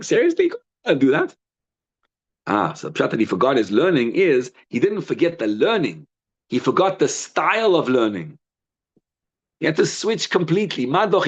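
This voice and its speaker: A man teaches a Torah class in a lively, conversational voice, asking rhetorical questions and stumbling over restarts. His pitch sits in the middle range. The sound is a little muffled, like a lo-fi live stream. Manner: animated, rhetorical questions, frequent restarts, mixes Hebrew and Yiddish terms. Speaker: rabbi teaching a daily class. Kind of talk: informal Torah lesson, storytelling.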